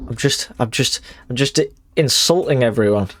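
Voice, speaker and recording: A man's voice: medium pitch, animated, normal speed, fairly bright tone. A man chatting casually on a live stream, rambling and self-mocking, swearing freely.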